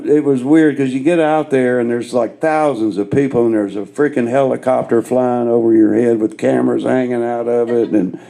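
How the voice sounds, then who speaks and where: Gravelly dark-voiced guy telling road stories, easygoing, pokes fun at himself. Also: medium pitch. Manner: laid-back, self-mocking anecdotes. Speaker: guest guitarist. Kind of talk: live storytelling on stage.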